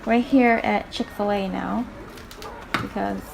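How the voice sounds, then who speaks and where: A woman's voice: medium pitch, fairly even intonation, takes it slowly, creaky, heavy background noise. A young woman and mother talking casually to her camera while out shopping, chatty and rambling, with frequent laughs. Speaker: vlogger, mother. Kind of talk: casual vlog talk to camera. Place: stores and home, in and out of doors.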